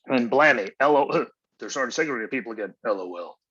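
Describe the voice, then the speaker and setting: A man's voice: mid-range voice, expressive, fast talker, a bit bright, husky, no room sound, lo-fi sound. A man hosting his own show, delivering an angry, profane, exasperated solo rant. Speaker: podcast host.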